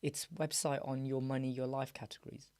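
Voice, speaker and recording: A British man hosting a casual live chat show, his voice a little croaky and weak, answering viewers by name. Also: mid-range voice, level tone, fairly quick, darkish tone, no echo. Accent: British English. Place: small dark soundproofed room.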